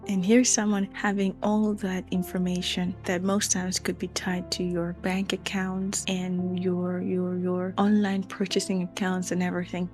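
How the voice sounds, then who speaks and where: A woman's voice: fairly low pitch, measured pace, hardly any pauses, soft background music. Woman telling a true crime story. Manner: animated, emphatic retelling. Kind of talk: conversational true crime narration.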